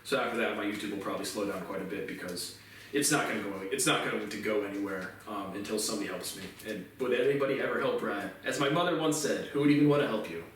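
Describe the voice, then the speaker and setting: A man's voice: fairly low pitch, fast talker, fairly bright tone, a little hiss or hum. A man vlogging an aggrieved, rambling monologue full of bitter, repetitive complaints. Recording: very echoey room, voice distant from mic.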